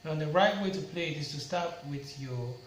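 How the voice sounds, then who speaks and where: A man teaching a piano lesson, explaining slowly step by step and naming fingers and notes. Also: fairly high pitch. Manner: slow, step-by-step explaining, counting fingers and singing note names. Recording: echoey room with loud piano. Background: piano playing.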